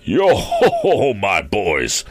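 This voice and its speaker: A man voicing a fat, jovial old merchant with a booming, hearty, rich voice. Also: huge pitch swings, extremely slow, full character voice.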